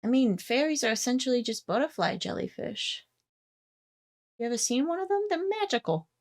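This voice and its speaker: A woman's voice: fairly high pitch, sing-song, fairly quick, voice pushed up. A woman voicing Stanley, a laid-back, offhand male character in a tabletop game, speaking in a musing, casual way.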